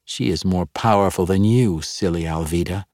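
A man's voice: deep voice, normal speed, a little mellow, dry recording, clean studio sound. A man voicing a scheming, sardonic woman who teases and mocks. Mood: mocking. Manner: mocking, teasing.

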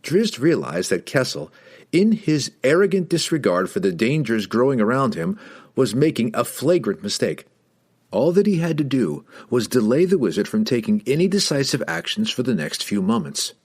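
A man narrating a fantasy novel as an audiobook, telling it with dramatic, expressive storytelling. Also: medium pitch, moderate pace, husky.

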